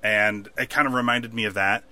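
A man co-hosting a casual TV recap chat, rambling and animated, acting out characters' lines. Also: lowish voice, moderate pace. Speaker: podcast co-host.

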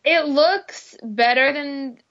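A woman's voice: high-pitched, slow pace, a bit bright, lo-fi sound. A woman co-hosting a casual chat about movie trailers, hesitant and full of fillers. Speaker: co-host reacting to movie trailers.

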